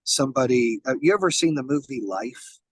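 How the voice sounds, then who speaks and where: A man's voice: medium pitch, animated, brisk, slightly rough, dry recording, low-quality recording. A man in a casual podcast interview as a guest. He talks bluntly and emphatically, swears, and often restarts his sentences. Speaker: podcast guest, business founder.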